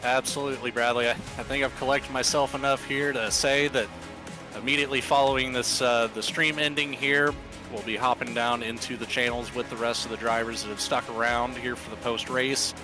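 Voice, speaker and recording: A man's voice: mid-range voice, little pitch movement, a little fast. A male commentator closes out a charity race broadcast in an ordinary mid-range voice. He sounds moved and thankful, with music plainly audible under his words. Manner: emotional, warm-hearted, thankful. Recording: music playing behind the voice.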